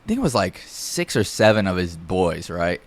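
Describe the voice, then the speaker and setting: A man's voice: deep voice, big pitch swings, moderate pace. A young man telling a casual, rambling story on a podcast, full of fillers and swearing. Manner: rambling, heavy fillers and profanity.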